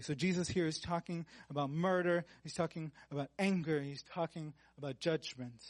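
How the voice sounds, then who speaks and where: High-voiced casual male preacher. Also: moderate pace, few pauses, dry recording. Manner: casual and joking, with asides between read verses. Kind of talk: conversational sermon with Bible reading.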